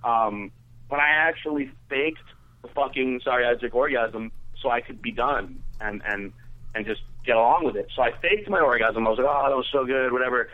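Man, casual crude storytelling, rambling with lots of fillers, mid-pitched voice, tinny phone-like radio sound. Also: normal speed. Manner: rambling, crude, full of "like" and restarts. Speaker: guest telling a story on a radio show.

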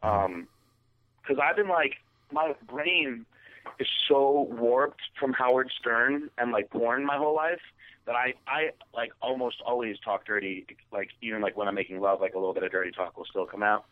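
A man co-hosting a podcast in casual chat, wry and crude, halting with fillers. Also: medium pitch. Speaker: podcast co-host. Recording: tinny phone-like line.

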